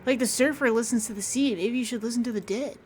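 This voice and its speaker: A woman's voice: on the high side, fast, slight background noise, voice pushed up, lightly acted. A woman voicing a laid-back, upbeat surfer priest who talks in surfer slang, saying dude and bro at every turn.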